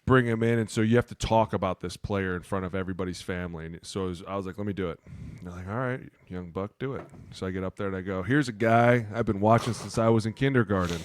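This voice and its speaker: A man from Ohio, a former offensive lineman co-hosting a podcast, telling profane, animated locker-room stories. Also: deep voice, quick pace, smooth, no room sound. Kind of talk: casual chat.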